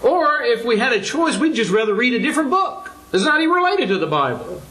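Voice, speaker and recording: A man's voice: very high-pitched, very animated, brisk, pushed and bright, poor audio. An older man preaching a sermon to his congregation, earnest and full of rhetorical questions, his voice climbing for emphasis.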